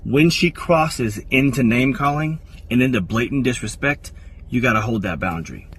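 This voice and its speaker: A man's voice: medium pitch, lively intonation, moderate pace, a bit bright. A man giving firm, didactic relationship advice in a recorded clip. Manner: firm and didactic, acts out quoted lines. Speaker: relationship coach. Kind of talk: instructional monologue in a clip. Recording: slightly distant with faint background noise.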